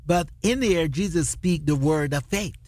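A radio co-host teaching from the Bible in a lively, laughing way, using non-standard English grammar. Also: medium pitch, unhurried, no room sound. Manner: animated, laughs often, retells scripture dramatically.

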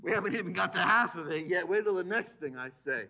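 Animated high-voiced male pastor preaching. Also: fast. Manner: animated, swinging between loud emphasis and quiet asides. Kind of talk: sermon. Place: church sanctuary.

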